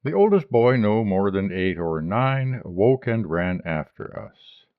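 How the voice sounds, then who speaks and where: A male audiobook reader narrating a short story in a measured, even way. His voice is low and his pace unhurried. The recording is dry and close, with a slightly dull, muffled sound. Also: dry recording.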